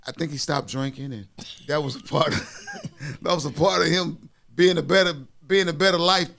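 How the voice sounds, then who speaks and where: A man's voice: fairly high pitch, normal speed, creaky. A man, a guest on a casual podcast, telling profane, laughing stories about old friends to his buddies. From Atlanta area, Georgia. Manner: profane, laughing, animated storyteller. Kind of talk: casual storytelling among friends.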